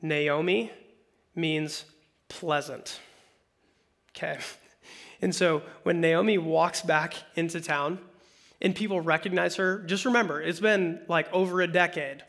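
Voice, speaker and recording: A male pastor preaches in a relaxed, conversational style, reading scripture aloud and breaking into acted-out quotes. His voice is bright and sharp, sitting a little higher than most men's. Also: measured pace, long pauses. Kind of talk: sermon.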